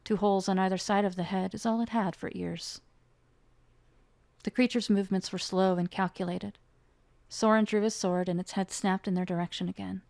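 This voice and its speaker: In a recording with no echo, a woman with a medium-pitched, gravelly, darkish voice reads a chapter of her own fantasy novel. It's a dramatic fiction reading in which she raises her voice for the characters and voices their lines with growing emotion.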